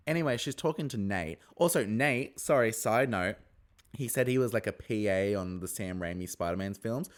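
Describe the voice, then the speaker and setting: A man giving a casual, chatty episode review, acting out the contestants with sudden high-pitched squeals. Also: brisk. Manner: chatty, animated, jumps into high squeals when excited. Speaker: reality TV recap host.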